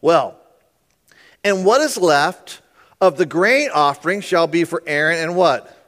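A man's voice: on the high side, lively intonation, a little slow, fairly bright tone. A man teaching a sermon through scripture, reading verses aloud and explaining them in a chatty way, often checking in with listeners and joking. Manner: conversational, checks in with listeners, puns and jokes. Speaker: preacher.

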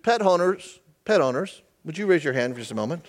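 A man's voice: on the high side, very animated, brisk. A male pastor giving a humorous, conversational sermon, often asking the audience questions.

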